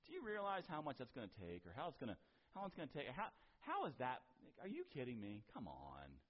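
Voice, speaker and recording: A man's voice: mid-range voice, huge pitch swings, brisk. A man voicing a scornful grown man who mocks a young upstart, dismissive and scoffing, on a dull lo-fi recording.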